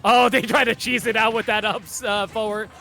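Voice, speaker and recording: A man with a high voice gives loose, casual esports commentary on a headset. His tone is bright and forward, and he jokes and laughs a lot. He often stops to fix his own wording. Faint music plays behind him. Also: flat delivery, fairly quick, vocal fry. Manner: joking, laughs often, corrects himself mid-sentence.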